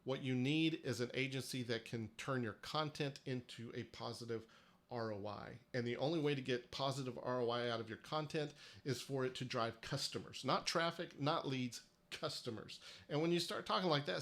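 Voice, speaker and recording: Hosting a marketing workshop livestream, a man talks in a persuasive, emphatic way, often restarting his sentences. His voice is medium-pitched and fairly bright, at a moderate pace.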